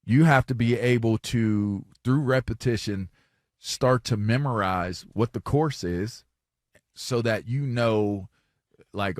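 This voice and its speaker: A man's voice: mid-range voice, slow pace, dry recording, clean studio sound. A man co-hosting a sports radio show, telling stories in a loose, rambling way and repeating words as he goes. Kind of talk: casual sports talk. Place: radio studio.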